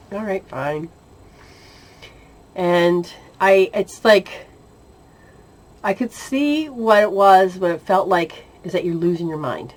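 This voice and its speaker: A woman casually telling a personal spiritual story, animated, often laughing and acting out the dialogue. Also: medium pitch. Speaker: spiritual intuitive sharing experiences.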